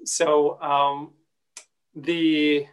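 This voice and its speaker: A man's voice: a little high, level tone, clean tone, poor audio. Easygoing male interviewer. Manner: easygoing, long rambling questions with many pauses. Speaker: interviewer and actor. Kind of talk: interview questions.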